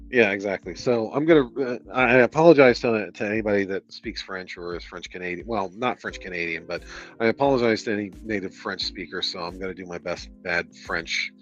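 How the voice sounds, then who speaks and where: Exasperated low-voiced man reading aloud. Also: lively intonation, normal speed, dull audio, faint music behind. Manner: exasperated, sarcastic, swears a lot. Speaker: streamer reading a book aloud. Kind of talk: reading aloud with profane commentary.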